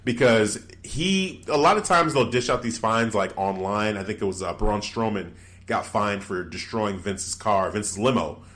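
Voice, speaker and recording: A man's voice: fairly low pitch, unhurried. A man co-hosting a casual chat, talking loosely with frequent laughs and acted-out quotes. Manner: animated, laughs often, acts out quotes. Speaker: podcast co-host. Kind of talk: casual wrestling recap chat.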